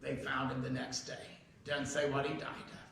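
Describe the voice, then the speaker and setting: A man's voice: mid-range voice, monotone, normal speed, gravelly, fairly bright tone, slight background noise. Folksy pastor man telling a story in an echoey church. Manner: conversational, folksy storytelling, acting out quoted dialogue. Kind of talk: storytelling sermon. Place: church sanctuary. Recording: echoey church hall, mic heard from a distance.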